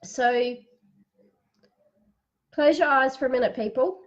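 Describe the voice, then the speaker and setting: Woman, psychic reader, tearful, slow soothing delivery, higher voice, dull live stream sound. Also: fairly even intonation. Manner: slow, soothing, guiding breathing. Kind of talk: live-streamed spiritual reading.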